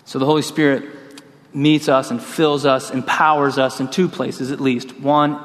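A man preaching a sermon in a church, telling a lively personal story and acting out the voices in it. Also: mid-range voice, normal speed, in a large hall. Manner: storytelling, acts out quoted voices. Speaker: pastor.

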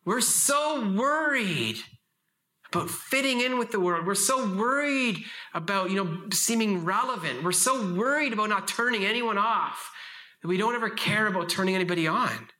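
A man in his thirties giving an impassioned, emphatic talk at a faith conference, telling stories with lively vocal shifts. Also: high-pitched, normal speed. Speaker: conference speaker.

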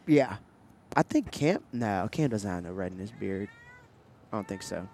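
A young man co-hosting a casual podcast, telling animated stories and trying out silly accents. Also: lowish voice, normal speed. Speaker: podcast co-host. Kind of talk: casual chat.

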